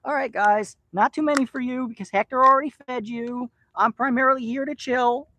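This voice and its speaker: A man's voice: very high voice, fairly even intonation, brisk, bright, forceful tone, slight background noise. A man vlogging outdoors while feeding rescued street cats, rambling affectionately and teasing the cats by name. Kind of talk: casual chat to camera and to cats. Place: outdoors by a shipping container.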